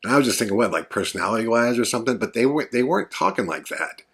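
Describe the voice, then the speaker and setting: A man with a mid-range, fairly bright voice and a breathy edge talks rapid-fire with lively intonation. He's hosting a podcast, telling a rambling, earnest story casually, with many fillers.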